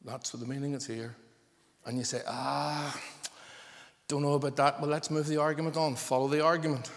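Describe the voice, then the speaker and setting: A man's voice: fairly high pitch, steady tone, normal speed. A man preaching a sermon, emphatic and stressing points through repetition. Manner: emphatic, repeating phrases for stress. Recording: long reverb of a large hall.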